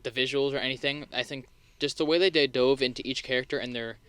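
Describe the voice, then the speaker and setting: Chatty young man, smooth dry voice. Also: mid-range voice, quick pace, no room sound. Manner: relaxed, chatty, many fillers. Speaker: podcast co-host. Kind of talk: casual film discussion.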